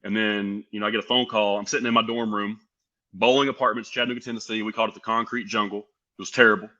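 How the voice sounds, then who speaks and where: A young man from the United States telling stories as a podcast guest, lively and animated, acting out what others said. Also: on the low side, fast talker, highs cut off. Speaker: podcast guest, pro wrestler. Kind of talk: casual storytelling.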